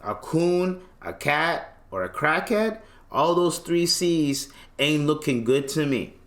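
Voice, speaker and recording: A man's voice: on the high side, slow pace. A man hosting a podcast, telling a casual story in slangy talk and acting out the voices of the people in it. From Tanzania. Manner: animated, slangy, acts out quoted voices. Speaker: podcast host.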